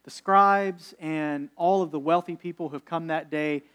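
A man preaching a sermon in a conversational way, with fillers and slow, emphatic pauses. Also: a little high, steady tone, a bit bright, smooth. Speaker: pastor.

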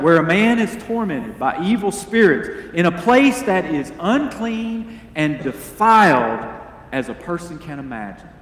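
A man preaching a sermon as pastor, earnest and deliberate, asking the congregation rhetorical questions. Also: a little high, reverberant, in a large hall, slight background noise. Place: church sanctuary.

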